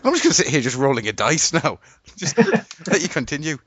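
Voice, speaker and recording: A man hosting a casual podcast chat, playful and quick to laugh. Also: on the high side, husky, dry recording, muffled recording. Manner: playful, laughing, lively delivery. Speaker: podcast host.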